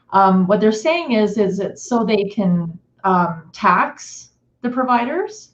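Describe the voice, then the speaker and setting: A middle-aged woman chats casually as a guest co-host on a livestream, explaining at length and filling pauses with "um" and "like." Her audio sounds roomy and echoey, and it comes through muffled and dull. Her voice sits at a medium pitch for a woman. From Canada. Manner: chatty, filler-heavy explaining.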